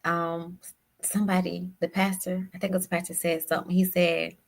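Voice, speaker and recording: A woman guest telling a personal story in a halting, emotional way, often repeating her words. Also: on the low side, level tone, creaky. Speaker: podcast guest.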